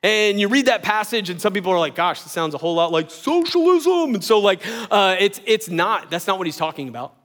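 A pastor preaching a sermon in a conversational, animated way, with teasing asides. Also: male voice, sits high.

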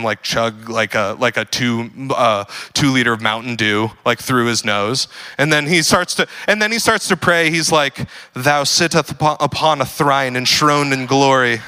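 A young adult man preaching a casual sermon, joking and full of fillers, building to animated emphasis. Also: mid-range voice, smooth. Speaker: pastor.

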